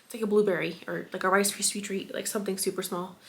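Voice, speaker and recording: A woman's voice: mid-range voice, steady tone, fast, gravelly, fairly bright tone, a little hiss or hum. A young adult woman vlogging at home, telling an emotional personal story in a chatty way, filled with "like" and laughter. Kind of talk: casual storytime vlog. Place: at home indoors.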